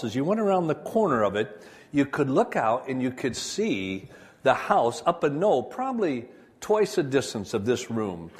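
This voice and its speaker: An older man from Michigan giving an earnest personal testimony to a live audience, speaking straight to them. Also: mid-range voice. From Michigan, USA. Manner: earnest, addresses the audience directly. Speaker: speaker telling his life story. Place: room with an audience.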